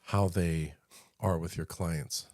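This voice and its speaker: A man's voice: low voice, fairly even intonation, slow, noisy background. A man chatting about his photography trade, searching for words with many fillers and restarts. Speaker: commercial photographer, co-host. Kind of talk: casual conversation.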